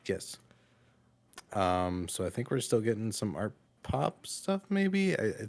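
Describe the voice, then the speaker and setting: A man's voice: on the low side, big pitch swings, measured pace, creaky. A man hosting a music reaction podcast, chatting casually with many hesitant fillers. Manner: hesitant, lots of filler words. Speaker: podcast host.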